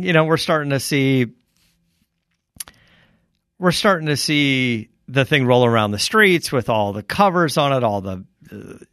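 A man co-hosting a casual podcast, telling stories in a loose, animated way, swearing and laughing often. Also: medium pitch, no echo, clean studio sound. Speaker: podcast co-host. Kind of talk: casual chat.

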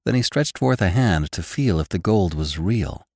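A man narrating a classic novel in a measured, expressive reading. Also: low-pitched, gravelly, no room sound, studio quality. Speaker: audiobook narrator.

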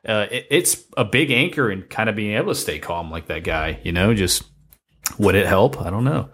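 A man's voice: lowish voice, lively intonation, a little fast, fairly bright tone. A man hosting a podcast, asking rambling questions and joking enthusiastically. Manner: jokey, enthusiastic, self-interrupting questions. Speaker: podcast host. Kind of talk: casual podcast interview.

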